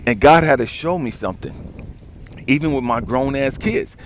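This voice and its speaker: A man's voice: mid-range voice, expressive, moderate pace. A man coaching and ranting outdoors in the wind, telling a story in a blunt, profane, preachy way. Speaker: life coach. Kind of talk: motivational rant.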